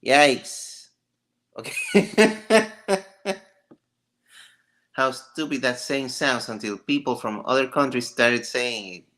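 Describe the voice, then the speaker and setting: A man chats on a casual live stream, breaking into laughter between jokes and rambling rants. His pitch swings widely and his tone is bright, while he speaks at an unhurried pace. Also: animated. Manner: laughs often, jokey and rambling.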